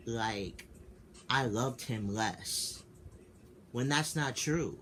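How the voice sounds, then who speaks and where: A man's voice: mid-range voice, drawn-out words, pauses often, fairly bright tone. A man in his twenties telling a personal story in a casual vlog, candid and rambling, swearing freely, just woken up. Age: 20s. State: just woke up. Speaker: vlogger. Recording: noisy background ambience.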